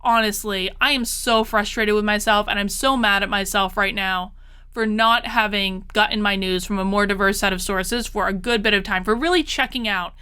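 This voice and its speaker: A woman's voice: mid-range voice, steady tone, normal speed, sharp tone, smooth. A woman talking straight to her audience in a casual monologue, exasperated and repeating herself for emphasis. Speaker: political commentary vlogger.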